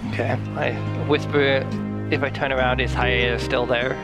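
A man playing his character in a tabletop game, chatty and excitable, laughing often. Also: medium pitch, normal speed, loud music behind the voice. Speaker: player.

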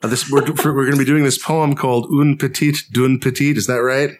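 A man co-hosting a podcast in casual chat, dry and deadpan, with halting restarts. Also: mid-range voice. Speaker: podcast co-host.

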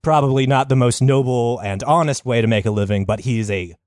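A man's voice: medium pitch, brisk, a little mellow, no echo, clean studio sound. Crude joking podcast host, man. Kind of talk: comedic podcast storytelling.

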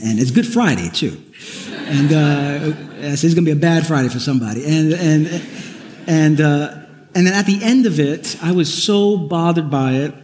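High-voiced pastor preaching in an echoey hall. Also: male voice, a little mellow, slight background noise. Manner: conversational preaching with wry asides and repeated restarts. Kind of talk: sermon. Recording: echoey hall, long reverb.

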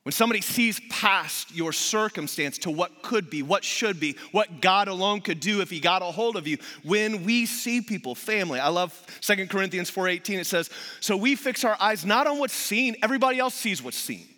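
Guy preaching in a big church, lots of energy and jokes, bright punchy voice, long hall echo. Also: sits high, fairly quick, few pauses. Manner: energetic storytelling with acted quotes and humor. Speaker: pastor. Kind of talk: sermon.

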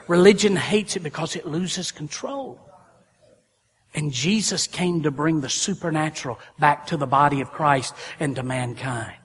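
A man's voice: a little high, slightly rough. Preacher man in a reverberant church. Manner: folksy preaching that swells loud then drops soft. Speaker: pastor. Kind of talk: sermon. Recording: long hall reverb.

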